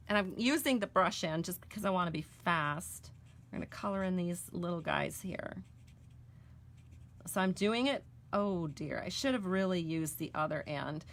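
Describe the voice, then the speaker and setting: A woman's voice: fairly low pitch, fairly bright tone. A middle-aged woman with an American accent, chatting casually and correcting herself as she demonstrates card-making step by step. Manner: chatty, homey and self-correcting while coloring. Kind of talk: casual crafting tutorial with chat.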